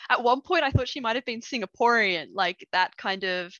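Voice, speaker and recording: Woman, gaming show co-host, bright tense voice, a bit high, animated and jokey, dull dry recording. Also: normal speed, dry recording. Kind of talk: casual review chat.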